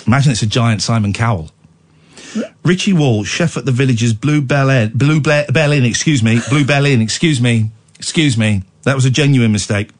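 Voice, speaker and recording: A man's voice: mid-range voice, normal speed. A male radio host chatting jokily on a late-night show, teasing his co-host and callers and slipping into mock accents.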